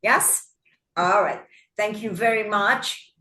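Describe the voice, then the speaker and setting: A woman hosting an online academic session over a video call, halting and grateful, with many fillers and restarts. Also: mid-range voice, pushed and bright. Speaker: host and event organizer.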